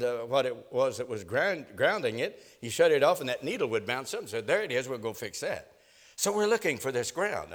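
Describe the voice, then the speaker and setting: A man's voice: medium pitch, fairly bright tone. An older man preaching a sermon, telling a story in a folksy way with many fillers and emphatic rises. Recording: long hall reverb.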